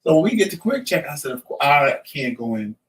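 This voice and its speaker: Brisk and slightly high-pitched, a vlogger in his fifties narrates a story in an easygoing way, performing the quoted speech of others. He sits far from the microphone, and the recording quality is low.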